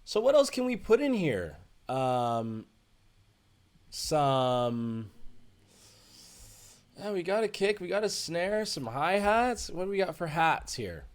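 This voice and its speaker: A man teaching music production in a relaxed, chatty tutorial, thinking aloud as he works. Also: a little high, takes it slowly, pauses often. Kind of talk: screen-share tutorial.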